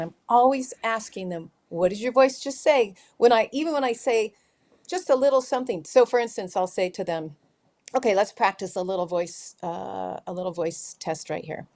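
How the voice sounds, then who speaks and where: A woman's voice: mid-range voice, moderate pace. A middle-aged woman, a youth leadership trainer, telling stories in an interview and acting out the dialogue. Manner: animated storyteller acting out dialogue. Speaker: guest, teen leadership trainer. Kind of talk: conversational interview storytelling.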